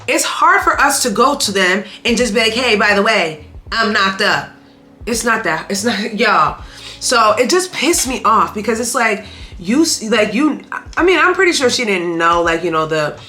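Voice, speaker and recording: A young woman talks straight to her viewers in a candid, emphatic storytime vlog. Her voice is bright and forceful at a middle pitch. Faint music plays underneath. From Haitian family. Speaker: vlogger.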